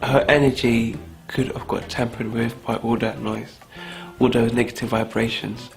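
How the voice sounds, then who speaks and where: Guy doing a smug new-age energy-and-vibrations guy, airy and dismissive, gravelly. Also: mid-range voice, little pitch movement, normal speed, faint music behind, lightly acted. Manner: airy, dismissive, self-assured. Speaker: contestant in a mock dinner-party show. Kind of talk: improvised mockumentary acting.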